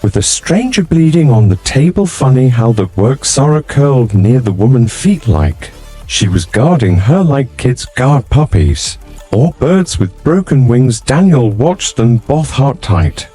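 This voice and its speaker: A man's voice: medium pitch, very animated, a little slow, dark tone, slightly rough, faint music behind. A man narrating a story in short, clipped fragments, with a terse, scripted delivery.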